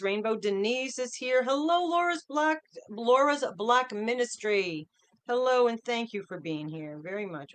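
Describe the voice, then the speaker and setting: A woman's voice: mid-range voice, smooth. Chatty woman greeting livestream viewers. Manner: chatty, upbeat, greeting names one after another. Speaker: livestream host.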